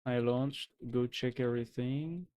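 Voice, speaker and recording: Chatting casually and joking as he codes on a live stream, a man from France speaks with a French accent. His voice is medium-pitched, mellow, clean, and unhurried, and he muses aloud with many restarts.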